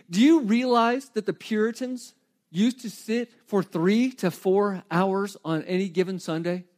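Lively high-voiced male pastor preaching. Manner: conversational, animated preaching with asides and humor. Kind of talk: sermon.

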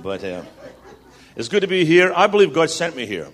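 A man preaching as a guest speaker, building to loud repeated declarations and slipping in jokey stories. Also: a little high, very animated, normal speed. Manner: jokey storytelling asides. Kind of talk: sermon.

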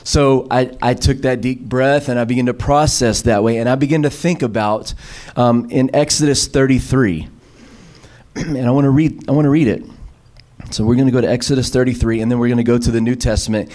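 A middle-aged man preaching a sermon as a pastor, telling stories with many restarts and acting out quoted voices with sudden jumps in pitch. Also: fairly even intonation, brisk, a little mellow. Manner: storytelling with many fillers and restarts.

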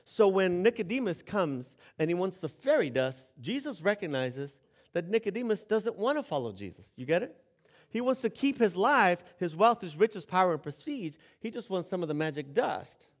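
A man's voice: sits high, very animated, normal speed. A man preaching a sermon in a conversational way, joking about himself and often restarting phrases. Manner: conversational, self-deprecating, with laughs and restarts. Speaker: pastor.

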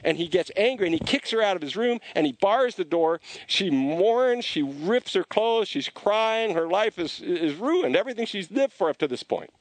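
A man telling a story in a conversational sermon, animated and often restarting his sentences. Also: high-pitched, moderate pace, few pauses, dry recording. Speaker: preacher.

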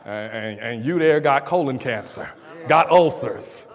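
A man preaching a sermon with call and response, dropping low and quiet, then building up to shouting. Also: animated, a little slow. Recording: long hall reverb.

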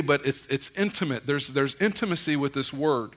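A middle-aged man preaching a conversational sermon, mixing folksy stories and gentle humor into his points. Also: mid-range voice, normal speed, few pauses. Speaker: pastor.

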